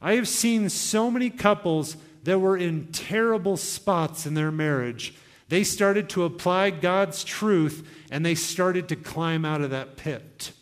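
Earnest young pastor preaching in a hall. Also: male voice, sits high, slow. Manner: earnest, exhorting, with quoted asides. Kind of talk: sermon. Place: church hall. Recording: long hall reverb.

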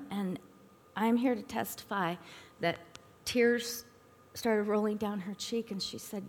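A middle-aged woman giving a personal testimony at a church talk, earnest and halting, with frequent fillers. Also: medium pitch, fairly even intonation. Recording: long reverb in a hall.

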